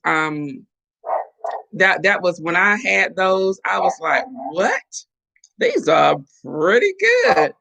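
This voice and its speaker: A woman's voice: fairly low pitch, vocal fry, fairly bright tone. A middle-aged woman hosting a casual morning live stream, chatting playfully and answering viewer comments.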